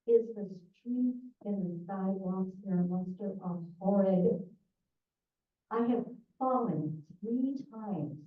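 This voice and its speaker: A retired older woman giving a public comment at a town council meeting, emotional and growing exasperated. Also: mid-range voice. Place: council chamber. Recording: tinny, echoey, far from mic.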